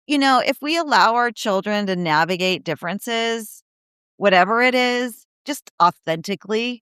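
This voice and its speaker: A woman guest on a podcast, speaking casually and telling animated stories, acting out the people she quotes, with frequent "you know, like" fillers. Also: a little high, normal speed, clean tone, no room sound, clean studio sound. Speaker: guest, disability advocate and speaker.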